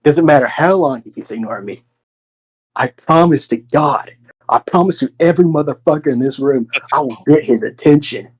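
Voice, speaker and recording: Slightly high-voiced man, volatile wrestler promo, forced calm and cursing. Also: normal speed, breathy edge. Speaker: wrestler persona in a press conference roleplay.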